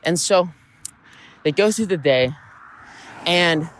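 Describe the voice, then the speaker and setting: A man's voice: a little high, animated, slow, fairly bright tone, no echo. A man hosting a podcast, retelling a story in a loose, rambling way with lots of fillers and "right?" tag questions. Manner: rambling, with many fillers and "right?" check-ins. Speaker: podcast host. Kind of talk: casual storytelling monologue.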